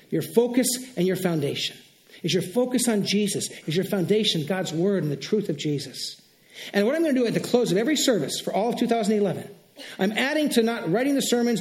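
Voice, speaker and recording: High-voiced earnest male pastor preaching. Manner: earnest, animated, modeling prayers aloud. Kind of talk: sermon.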